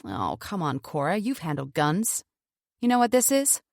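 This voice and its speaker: A woman's voice: lowish voice, wildly swooping pitch, moderate pace, darkish tone, no echo, studio quality. A woman reading an audiobook, voicing a chatty, patronising woman captor who holds a gun and talks falsely soothing. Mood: coolly menacing.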